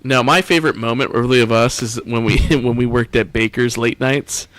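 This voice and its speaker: A man's voice: medium pitch, steady tone, moderate pace, fairly bright tone, no echo. A young man co-hosting a podcast, playful and joking, laughing often as he talks. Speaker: podcast co-host. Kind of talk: casual chat.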